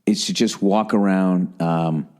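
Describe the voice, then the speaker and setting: A man's voice: sits low, steady tone, takes it slowly, warm tone. A man hosting a podcast, ranting in a casual, profane and rambling way, mocking himself and mimicking other people. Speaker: podcast host. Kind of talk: casual rant.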